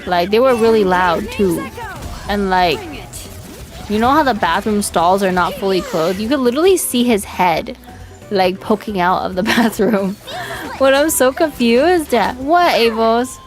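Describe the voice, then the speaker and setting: A woman's voice: mid-range voice, expressive, a little slow, faint music behind. A woman streamer chatting casually on a livestream, telling crude stories with frequent giggles and lots of "like". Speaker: vtuber streamer.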